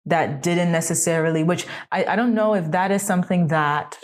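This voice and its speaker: A woman's voice: lowish voice, steady tone, normal speed. A woman co-hosting a podcast, talking through a film in a thoughtful, questioning way. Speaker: podcast co-host. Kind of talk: casual conversational film discussion.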